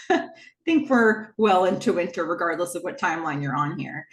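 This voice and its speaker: A woman's voice: on the low side, lively intonation, normal speed, reverberant. A woman hosting a podcast, recapping a TV episode in a casual, chatty way with lots of fillers and asides. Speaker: podcast host.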